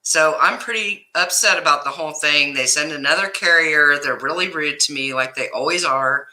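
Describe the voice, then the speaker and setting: A middle-aged woman hosting a casual livestream, telling a story in an animated way and greeting viewers by name, upset and stressed. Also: sits low, moderate pace, rough recording. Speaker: livestream host.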